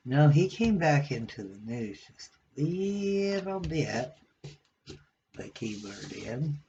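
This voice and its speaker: Man, tarot reader, slow and rambling, gravelly voice, dull lo-fi recording, noise behind. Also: fairly high pitch, sing-song, mellow. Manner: musing, rambling, talks aloud to spirit. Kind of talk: casual rambling card reading.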